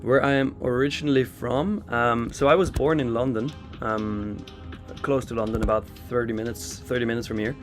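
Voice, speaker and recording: Streaming live from a trading expo in London, this man, who grew up in Switzerland, offers relaxed market commentary and responds to chat messages. He speaks at normal speed in a medium pitch with fairly even intonation, and soft music sits in the background.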